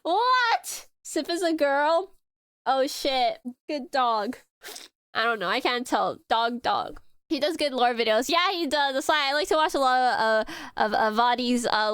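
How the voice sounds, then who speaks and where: A woman streamer chats casually while she reacts to a video. She is emotional, laughs easily and rambles. Her voice sits high and bright, and it is recorded close and dry with no room sound. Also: smooth, no room sound.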